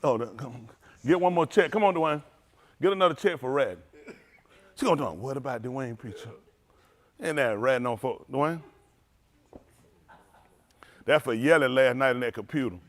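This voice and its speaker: A man's voice: medium pitch, normal speed, long pauses. A man preaching, joking loosely and teasing his congregation, laughing often. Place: synagogue hall, livestream.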